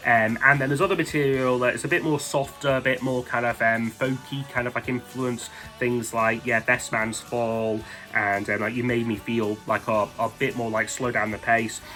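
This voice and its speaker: A man's voice: mid-range voice, flat delivery, moderate pace, few pauses, pushed and bright, soft background music. A man casually talking through his favourite albums, rambling and enthusiastic, with lots of "like" and "um". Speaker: music vlogger ranking albums. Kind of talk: casual spoken album countdown.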